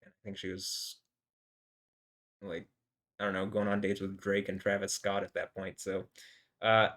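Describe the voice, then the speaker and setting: Guy ranting in a vlog, kinda low voice, lots of likes and ums, indignant. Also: monotone, normal speed, fairly bright tone. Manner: rambling, indignant, full of filler words. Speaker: video host. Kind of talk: rambling solo commentary.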